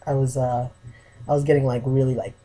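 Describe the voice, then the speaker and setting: A young man talking casually to camera, his voice mellow and a little breathy. He rambles through his story, dropping "like" into nearly every sentence. The tone is relaxed and confiding. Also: medium pitch, brisk. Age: young adult. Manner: chatty storytelling with many "like" fillers. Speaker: vlogger.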